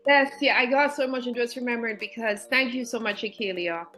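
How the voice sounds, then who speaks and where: A woman's voice: on the high side, steady tone, brisk, fairly bright tone, faint music behind, poor audio. A woman guest educator telling personal stories in an earnest, heartfelt, faith-filled way, emotional and near tears.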